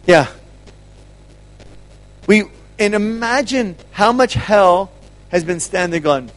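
A man giving an energetic teaching talk to a group, laughing often and repeating words as he goes. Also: high voice, slow, pauses often. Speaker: ministry speaker.

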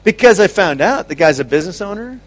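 Speaking quickly, a man in ministry delivers a lively teaching talk to an assembled group in a high voice. His stories come with frequent laughter and stumbles over repeated words.

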